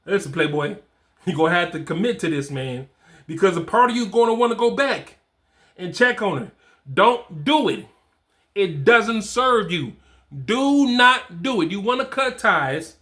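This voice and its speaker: Emphatic man in his forties, bright voice. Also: high-pitched, lively intonation, normal speed. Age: 40s. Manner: emphatic, repeats himself, street slang. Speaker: fatherhood coach. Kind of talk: advice talk to camera.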